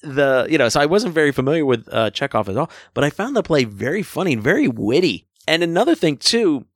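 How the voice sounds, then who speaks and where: A man's voice: on the high side, very animated, quick pace, dry recording, clean studio sound. A man hosting a casual film review chat, enthusiastic and full of jokey asides. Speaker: film review podcast host.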